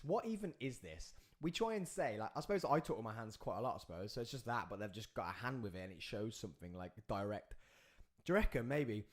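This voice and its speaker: A man hosting a live podcast. He rambles and jokes, and he keeps breaking off to talk to the crew. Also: medium pitch. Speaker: podcast host.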